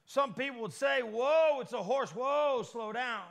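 With a very high-pitched voice, vocal fry, and a normal speaking speed, a male pastor delivers a folksy, lively sermon. He speaks with a Midwestern American accent and tosses call-and-response asides to the congregation.

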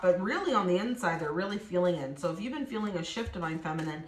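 A fast-talking tarot reader with a mid-range, animated, fairly bright voice barely pauses as she addresses her viewers directly. She acts out quoted voices, and the echoey recording carries a little hiss or hum.

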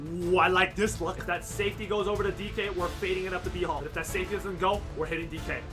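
A fast-talking gameplay streamer rattles off hyped commentary, bragging and chanting catchphrases between bursts of yelling. Game music plays clearly underneath the voice. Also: mid-range voice, fairly even intonation. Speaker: gaming streamer.

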